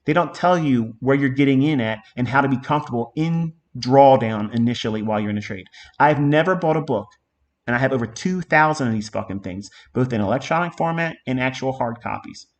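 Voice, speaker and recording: A man's voice: medium pitch, a little fast, dull audio. A middle-aged man teaching a live trading lesson in an emphatic, profane way, with a lot of repetition. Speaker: trading mentor.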